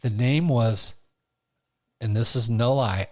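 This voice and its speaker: Male stand-up guest, storyteller, animated, mid-pitch voice. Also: slow pace. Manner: animated, laughs through his stories. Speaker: stand-up comedian, interview guest. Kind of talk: casual storytelling.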